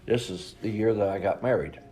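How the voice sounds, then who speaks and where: A man's voice: lowish voice, a little fast, warm tone, soft background music. A man in his eighties recounting old family photos in a folksy, rambling way, with colloquial grammar. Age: 80s. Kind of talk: informal storytelling.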